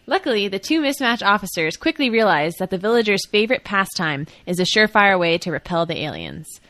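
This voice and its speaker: A woman co-hosting a film podcast in casual chat, chatty and joking with quick asides. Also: mid-range voice, sing-song, pushed and bright. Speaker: podcast co-host.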